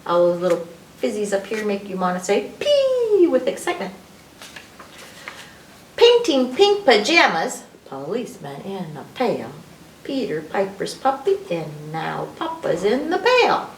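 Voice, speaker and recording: Storytime reader: woman, lively sing-song phonics delivery, distant mic in a roomy library. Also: medium pitch, measured pace, slight background noise. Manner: playful, sing-song phonics teaching with sound effects. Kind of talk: children's read-aloud lesson. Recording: echoey room, distant mic.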